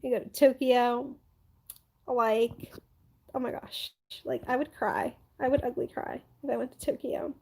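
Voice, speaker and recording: A woman's voice: high-pitched, steady tone, a little slow, creaky, a little mellow, slight background noise, poor audio. A young adult woman hosting a live stream, chatting casually and bubbly with many fillers while reading viewer comments.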